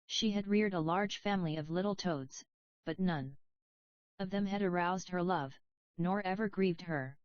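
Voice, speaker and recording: A woman narrating a children's legend in a calm, measured storybook reading, recorded with a dull lo-fi sound. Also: fairly low pitch, no room sound. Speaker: audiobook narrator.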